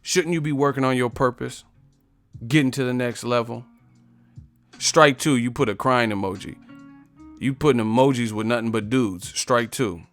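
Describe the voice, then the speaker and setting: A man's voice: mid-range voice, moderate pace, pauses often, fairly bright tone, faint music behind. A man hosting a live stream, confrontational and profane as he roasts the commenters in his chat. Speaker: livestream host.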